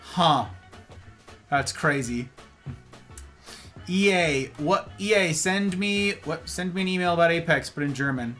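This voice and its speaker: A man's voice: a little high, a little slow, pauses often. A man hosting a livestream, chatting casually and playfully with his viewers. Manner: animated, playful, reacts to chat. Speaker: livestream host. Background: faint music.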